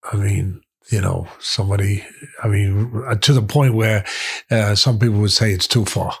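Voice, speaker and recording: Middle-aged New man, husky and low-pitched, tells stories emphatically and repeats lines for effect. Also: fairly even intonation, moderate pace. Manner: emphatic, repeats phrases for weight. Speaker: guest, boxing trainer and commentator. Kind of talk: storytelling in conversation.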